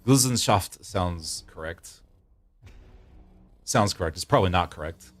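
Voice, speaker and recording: A man's voice: low voice, animated, a little slow, faint music behind. A man in his thirties, a streamer, chatting casually with viewers while he plays a game. He rambles, often restarts his sentences and laughs a lot. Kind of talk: casual gameplay chat with viewers.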